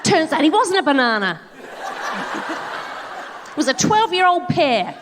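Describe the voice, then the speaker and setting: A woman co-hosting a live comedy podcast on a theatre stage, firing off quick deadpan quips. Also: high-pitched, noisy background.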